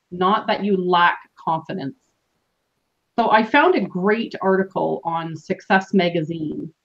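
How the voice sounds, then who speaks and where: Canadian-born woman host, earnest coach, lo-fi call sound. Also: lowish voice. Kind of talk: motivational team call talk. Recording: dull lo-fi call audio.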